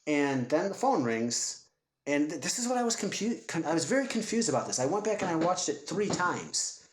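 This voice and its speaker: A man co-hosting a casual movie podcast, retelling scenes with lively acted-out quotes. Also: on the high side, a little fast, background noise. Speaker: podcast co-host. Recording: roomy echo.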